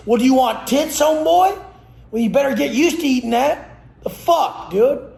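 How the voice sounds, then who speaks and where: A man's voice: extremely high pitch, lively intonation, normal speed, vocal fry, a little mellow. A man who trains people for a living, giving a blunt, profane motivational rant with aggressive, preachy force. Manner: blunt, aggressive, heavy swearing. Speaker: fitness trainer. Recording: roomy echo.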